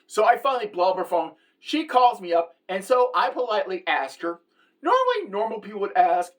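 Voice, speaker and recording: A middle-aged woman telling a comic personal story to the camera, animated and conversational, with frequent asides to the viewer. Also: medium pitch, moderate pace. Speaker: comedic storyteller.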